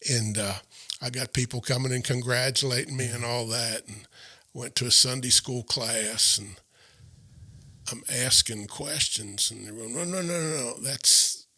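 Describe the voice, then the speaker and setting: Man with a sharp, husky voice. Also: medium pitch, fairly even intonation. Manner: halting, repeats words and restarts, uh fillers. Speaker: interview guest. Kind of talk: personal storytelling in a sit-down chat.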